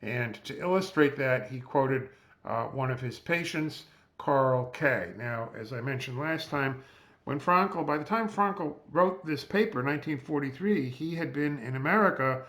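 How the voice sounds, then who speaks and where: Male doctor lecturer, medium pitch, measured and explanatory, spells out terms, close mic. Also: expressive, fairly bright tone. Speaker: physician lecturer. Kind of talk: recorded lecture over slides. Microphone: close mic, seated.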